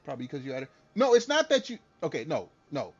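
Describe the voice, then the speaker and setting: This game streamer talks fast, his on-the-high-side voice swinging hugely in pitch as he jokes around with chat. He laughs and swears freely, and faint music sits under the dull, lo-fi stream sound.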